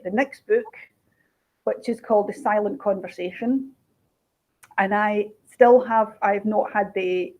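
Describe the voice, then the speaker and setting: A woman, a crime author chatting casually in an interview, animated and laughing as she talks. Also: mid-range voice. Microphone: video call. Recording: dull lo-fi video call audio.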